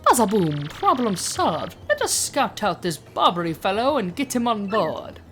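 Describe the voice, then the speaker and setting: A woman's voice: mid-range voice, sing-song, a little slow, a bit bright. A woman voicing a vain, pompous male ship owner in a grandiose, sing-song manner, over game music.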